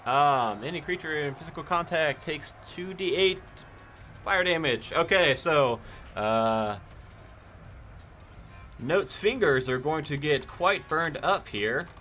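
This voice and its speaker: Bright-voiced male co-commentator. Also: fairly high pitch, expressive, takes it slowly, soft background music. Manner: reads spell rules aloud, hesitant. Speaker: arena co-commentator. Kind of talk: mock sports commentary for a tabletop game.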